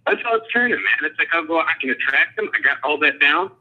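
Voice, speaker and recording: A man of about fifty calling in for dating advice, talking fast and nervously. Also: a little high, very animated, husky. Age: around 50. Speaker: caller. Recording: muffled phone line.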